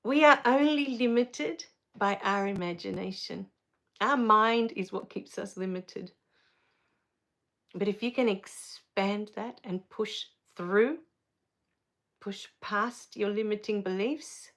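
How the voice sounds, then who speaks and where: A woman's voice: medium pitch, slow. A middle-aged woman hosting a live stream, chatting casually as she reads viewer comments, easily moved to tears. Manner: relaxed with frequent fillers.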